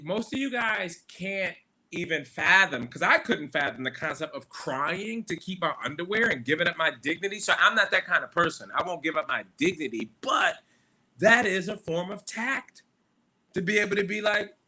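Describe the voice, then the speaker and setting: A man's voice: high-pitched, animated, normal speed, pushed and bright. A man hosting a live podcast stream, telling casual, profane stories full of fillers and asides. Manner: loose, profane storytelling with lots of fillers. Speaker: podcast host.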